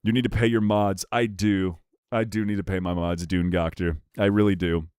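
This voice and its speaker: A man's voice: little pitch movement, normal speed, a little mellow, smooth, dry recording, studio quality. A male streamer in casual chat with his viewers, rowdy, jokey and profane, bursting into rants. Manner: rowdy, profane and jokey, ranting with pitch jumps.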